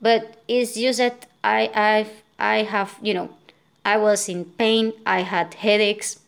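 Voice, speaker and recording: Exhausted woman vlogger, venting frustration in a rambling rant, mid-pitched voice. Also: little pitch movement, slow, creaky, smooth. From Venezuela. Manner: frustrated, venting, many fillers and restarts. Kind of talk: casual storytelling rant.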